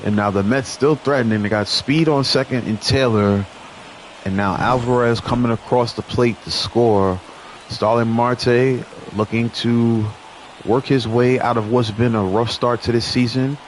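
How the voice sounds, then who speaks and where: A young man giving play-by-play commentary over a baseball video game, chatty with viewers and lively on big plays. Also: medium pitch, a little slow, slight background noise. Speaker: gaming channel host.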